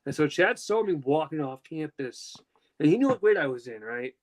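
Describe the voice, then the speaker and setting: A man's voice: on the high side, sing-song, normal speed, rough recording. Young guy rambling through a story, emotional, lots of ums and restarts. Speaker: podcast host. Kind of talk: casual storytelling chat.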